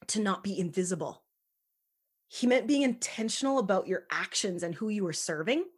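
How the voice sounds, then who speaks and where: A woman's voice: medium pitch, slightly rough. A woman guest on a podcast, talking earnestly and emphatically, sometimes dropping almost to a whisper. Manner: earnest, emphatic, softens to near-whisper at times. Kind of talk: casual interview chat.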